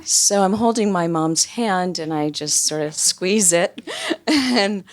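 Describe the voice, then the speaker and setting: A woman with a low voice tells a personal story live on stage. Her delivery is wry and conversational and full of casual fillers, and her timing is built for a laugh. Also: takes it slowly.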